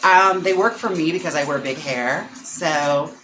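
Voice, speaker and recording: The same kind of casual live-stream gossip comes from a young adult man who does drag, his voice high, pushed and bright as he works through viewer comments. Quick laughs and plenty of "like" and "girl" fill the low-quality recording, which carries slight noise and background music.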